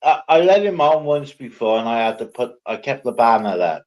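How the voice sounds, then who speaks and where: A man hosting a live stream, speaking in a halting, apologetic way. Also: medium pitch, expressive, darkish tone, low-quality recording. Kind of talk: casual chat on a live stream.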